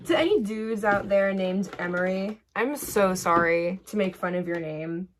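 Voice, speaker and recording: A woman's voice: mid-range voice, fairly even intonation, a little slow, background noise. A young woman vlogging casually while doing her makeup at her bedroom vanity, chatty and rambling, full of "like" fillers and drifting into tangents. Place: bedroom vanity lit by a ring light.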